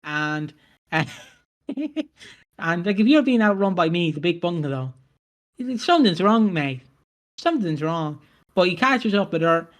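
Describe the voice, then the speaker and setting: Man, podcast co-host, casual recap, rambling, self-correcting, fairly high voice. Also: a bit bright.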